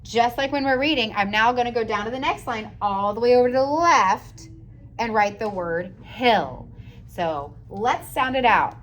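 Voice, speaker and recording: A woman teacher giving a slow, patient, encouraging writing lesson for young children, sounding out letters and praising often. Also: a little high, slight background noise. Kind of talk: early-grades writing lesson.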